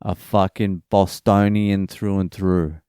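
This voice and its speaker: A man's voice: sits low, little pitch movement, slow pace, mellow, smooth, dry recording. A young Australian man hosting a podcast, rambling and swearing in a casual solo monologue, sounding sleepy and dryly funny. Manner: sweary and rambling, dry humour. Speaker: podcast host.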